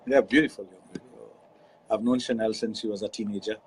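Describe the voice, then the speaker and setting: A man's voice: on the low side, steady tone, quick pace, rough recording. A Trinidadian man hosting a radio show as a sexologist, explaining things frankly and laughing easily. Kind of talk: casual radio talk. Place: radio studio.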